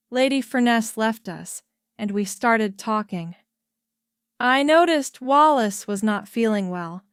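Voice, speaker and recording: A woman narrates a story slowly and carefully, her clear, crisp voice sitting close and dry. She reads it as a simple scripted tale for language learners, keeping an even pace. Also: a little high, dry recording. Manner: careful, evenly paced reading.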